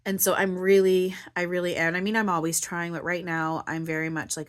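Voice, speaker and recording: A woman's voice: on the low side, flat delivery, a little fast, few pauses. A woman talking through her feelings in a rambling personal monologue, filling her talk with "like" and "you know", at times close to tears. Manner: rambling, full of "like" and "you know", restarts often. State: near tears, voice breaking. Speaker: spiritual channeler and vlogger.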